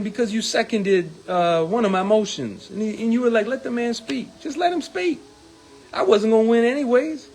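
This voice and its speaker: Union member giving an angry, high-pitched, very animated report with faint music underneath. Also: male voice. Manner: indignant, gets heated and rises in pitch when angry; hesitant with numbers, many ums and uhs. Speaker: union executive board member. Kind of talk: casual report to viewers.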